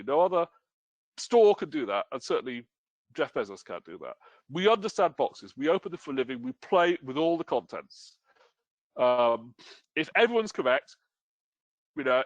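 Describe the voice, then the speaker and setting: A man's voice: a little high, dry recording. Chatty British man with a dry, close sound. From United Kingdom. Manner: chatty, self-deprecating, many fillers. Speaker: game store owner, webinar presenter. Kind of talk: casual webinar talk.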